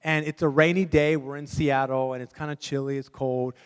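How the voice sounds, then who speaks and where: A man's voice: medium pitch, flat delivery, fairly quick, clear, resonant tone, long reverb tail. A man preaching a sermon as guest pastor, telling a story in a chatty way and acting out the voices of the people in it. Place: church sanctuary.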